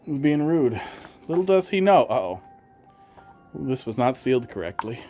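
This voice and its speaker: A man's voice: medium pitch, sing-song, normal speed, mellow. A man with a slight Wisconsin accent, streaming and chatting casually with viewers while talking to his cats in a sing-song voice. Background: faint music.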